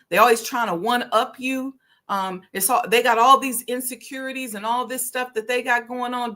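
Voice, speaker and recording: A woman's voice: fairly high pitch, bright, forceful tone. Chatty, preachy middle-aged woman host. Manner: conversational, preachy, laughs often, slips into slang. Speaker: historic preservation consultant and channel host. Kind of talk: casual teaching talk.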